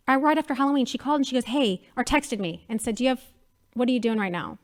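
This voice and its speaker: A woman in her thirties, a media company president chatting as an interview guest, telling lively stories and acting out quotes. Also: a little high, fast. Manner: animated storyteller, acts out quotes. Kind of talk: casual interview chat.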